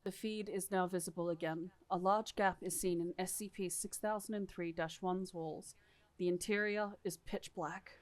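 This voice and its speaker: A woman's voice: on the low side, steady tone, normal speed. Irreverent woman reading lore aloud. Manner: casual and irreverent, swearing freely. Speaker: podcast co-host. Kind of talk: casual lore reading with commentary.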